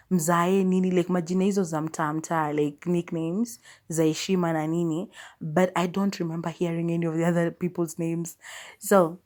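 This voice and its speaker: A young woman with a Kenyan accent hosts a casual podcast review of a film. She talks in a chatty way, retelling scenes and quoting the characters. Her voice sits a little low. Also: a little mellow. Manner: chatty, retells scenes with quoted lines and laughs. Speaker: podcast host.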